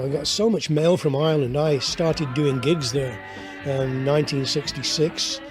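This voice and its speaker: A man with a northern English accent, a former pirate radio DJ, chatting warmly about his radio days and laughing often. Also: on the high side. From northern England. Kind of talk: reminiscing interview.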